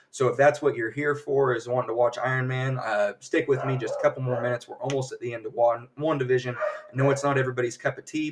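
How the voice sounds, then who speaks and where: A man streaming a casual spoiler recap, rambling and acting out characters' lines in quick, jumpy voices. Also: mid-range voice, far from the mic, slight background noise. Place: home streaming setup.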